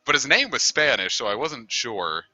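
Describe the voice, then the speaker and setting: A man's voice: medium pitch, sing-song, normal speed, bright, forceful tone, dry recording, lo-fi sound, soft background music. A man streaming a game, telling a long story in a rambling, easygoing way and swearing casually. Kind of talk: casual storytelling over gameplay.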